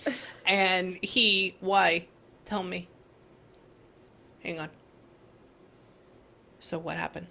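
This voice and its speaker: Lady medium doing a reading, kinda low voice but bright, keeps going hang on, talks it all out. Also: steady tone, very slow, creaky, long pauses. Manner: chatty, thinks aloud, keeps saying "hang on". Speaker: psychic medium. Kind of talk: live reading session.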